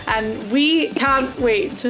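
A woman's voice: sits high, extremely slow, over music. A woman hosting a podcast, chatting enthusiastically and saying "like" often. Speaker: podcast host. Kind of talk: casual podcast interview.

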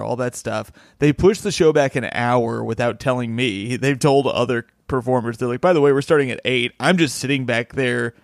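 A man's voice: medium pitch, gravelly, no echo, clean studio sound. A man who is a stand-up comedian, telling a rambling anecdote in casual podcast chat and acting out what people said.

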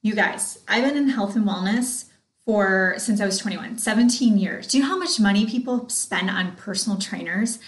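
A woman in her thirties talks sales on her podcast, excited and chatty. She speaks to her listeners directly. Her voice sits in the middle, and the room gives it a noticeable echo. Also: mid-range voice, moderate pace. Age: 30s. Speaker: podcast host and sales coach. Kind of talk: casual motivational talk.

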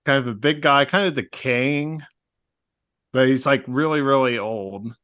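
Bright-voiced man, hesitant and casual. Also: medium pitch, a little slow. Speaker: podcast guest. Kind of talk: casual movie-recap chat.

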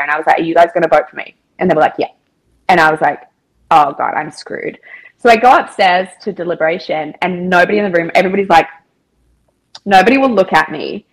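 A woman talks as a podcast guest, recounting events in a loose, chatty way. Her voice is husky and slightly breathy and sits on the lower side, and she fills her speech with casual filler words. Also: rough recording. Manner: chatty, with frequent filler words and quoted dialogue. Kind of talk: casual storytelling interview.

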